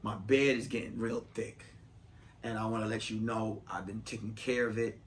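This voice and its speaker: A man's voice: fairly low pitch, steady tone, moderate pace, slight background noise. A man hosting a podcast as a comedian, giving profane, emphatic, rambling advice in a comic monologue.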